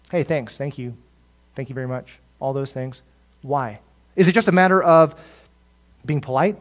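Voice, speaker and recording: In this sermon, a male pastor swings between loud, emphatic high points and quiet, low asides, repeating words often.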